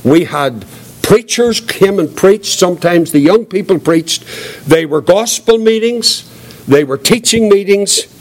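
An older man giving his testimony as a preacher, earnest and reflective, with a quiet voice. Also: sits high, expressive, measured pace. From Northern Ireland. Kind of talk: testimony sermon.

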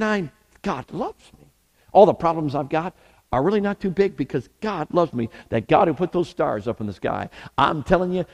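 A man's voice: a little high, a little mellow. A man preaching a sermon as pastor, emphatic, asking the congregation rhetorical questions. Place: church sanctuary. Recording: long reverb in a church hall.

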